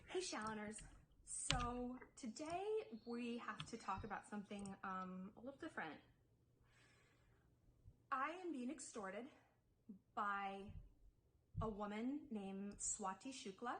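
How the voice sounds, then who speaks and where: A woman's voice: mid-range voice, expressive, slow, long pauses, fairly bright tone, low-quality recording. A young woman YouTuber telling an upsetting story to her viewers in a confessional vlog, rambling and defensive, full of "like" and restarts.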